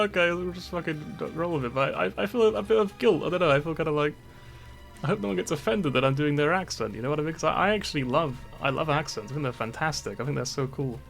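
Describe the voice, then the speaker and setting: Male streamer, chatty, self-deprecating, fairly high voice, game music behind. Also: creaky, fairly bright tone. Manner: chatty, self-deprecating, swears and laughs often. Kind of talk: casual game commentary.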